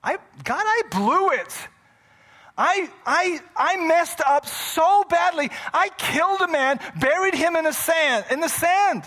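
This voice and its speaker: A man's voice: very high voice, lively intonation, takes it slowly, bright, forceful tone, voice pushed up, heavily acted. A man preaching who voices a guilt-ridden older man confessing his past failures. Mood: regretful. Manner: pleading, anguished confession. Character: guilt-ridden aging male runaway, self-blaming.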